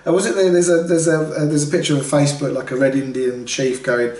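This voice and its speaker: A man co-hosting a podcast who talks quickly and with energy, often breaking into little impressions of other people. His voice sits a touch high for a man and comes across slightly distant in an echoey room. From Britain. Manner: animated, acts out quoted voices, many restarts. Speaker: podcast co-host. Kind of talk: casual podcast conversation. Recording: roomy, somewhat distant mic.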